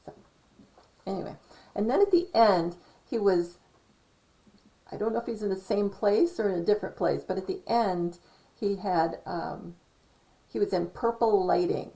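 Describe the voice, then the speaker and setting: A woman's voice: mid-range voice, normal speed, gravelly, pauses often, dark tone, rough recording. A woman vlogger giving rambling commentary, reading from her notes and often stopping to correct herself. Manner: self-correcting, digressive, reads from notes. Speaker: conspiracy vlogger.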